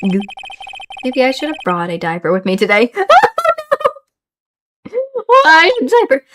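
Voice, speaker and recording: A woman's voice: mid-range voice, slow pace, noisy background. A woman streamer chatting and reacting as she plays a courtroom game. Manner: chatty, giggly, lively. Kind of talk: live gameplay commentary.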